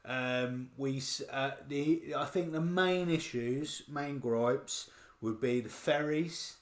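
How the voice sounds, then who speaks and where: A man's voice: medium pitch, slow, echoey room. A man from the UK co-hosting a podcast, talking casually about a film, rambling and restarting his sentences. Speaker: podcast co-host. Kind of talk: casual chat, film review.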